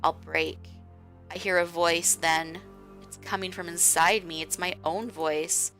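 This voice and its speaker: A woman streamer reading a visual novel aloud in a slow, hushed way. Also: on the low side, fairly even intonation, soft background music. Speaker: game streamer.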